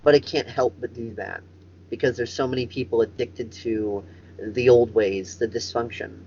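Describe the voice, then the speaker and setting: A man's voice: mid-range voice, steady tone, normal speed, a little mellow, lo-fi sound, slight background noise. Profane rambling male show host. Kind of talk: casual comedic chat.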